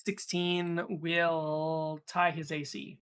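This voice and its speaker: A man's voice: on the high side, flat delivery, extremely slow, a bit bright, clear, resonant tone. A young man narrating as game master, rambling with lots of fillers and restarts.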